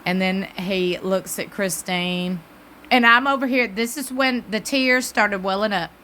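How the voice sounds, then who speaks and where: A woman's voice: mid-range voice, unhurried, bright, forceful tone, a little hiss or hum. A woman, chatting animatedly and emphatically as she recaps a TV episode. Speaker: TV recap YouTuber. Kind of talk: casual chat recap.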